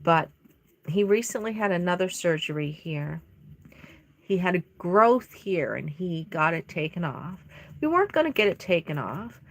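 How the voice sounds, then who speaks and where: A woman chatting casually while she paints a doll on a live stream, telling rambling stories in an expressive way. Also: fairly low pitch, moderate pace.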